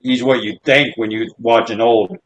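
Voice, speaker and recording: A man's voice: medium pitch, steady tone, normal speed, rough recording. A young man from the Ozarks, a podcast co-host, chatting in a laid-back, rambling way with casual swearing. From Ozarks, United States. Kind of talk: casual chat.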